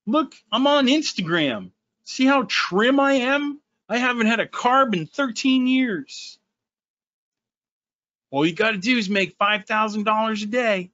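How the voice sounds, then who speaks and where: A man putting on the voice of a boastful social media trading guru, slow and smug. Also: sits high, animated, sharp tone, muffled recording, voice pushed up, heavily acted.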